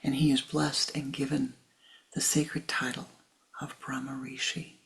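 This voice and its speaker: A woman spiritual teacher telling a story in a sermon, hushed and dramatic, often sliding into a whisper. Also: rumbling low, level tone, measured pace, creaky.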